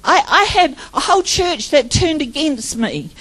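A woman's voice: high-pitched, very animated, moderate pace, fairly bright tone, low-quality recording. A middle-aged woman preaching a personal testimony sermon, telling her story with laughter and tearful moments.

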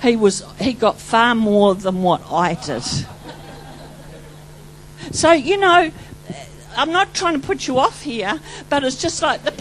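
A woman preacher gives an excited, rambling testimony sermon. Her voice sits high and swings from loud exclamations to hushed asides. A faint hum runs underneath. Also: takes it slowly, long pauses, rough recording. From New Zealand.

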